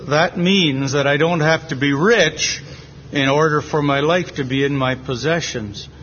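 A North American man expounding a Bible passage in an earnest, deliberate way with pauses, in a dull lo-fi meeting recording. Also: fairly high pitch, fairly bright tone, a little hiss or hum. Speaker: preacher at a Bible reading. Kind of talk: slow, measured Bible exposition.

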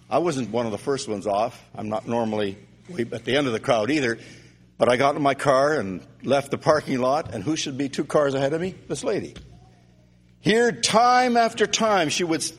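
Loud, animated man preaching in a hall. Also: mid-range voice, slightly rough. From Canada. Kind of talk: sermon. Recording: long reverb of a hall.

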